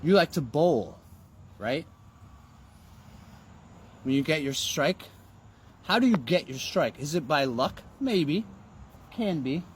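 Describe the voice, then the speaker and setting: Slow, emphatic man preaching self-belief. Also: fairly high pitch, expressive, a little hiss or hum. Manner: emphatic and preachy, with rhetorical questions and swearing. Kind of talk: motivational monologue.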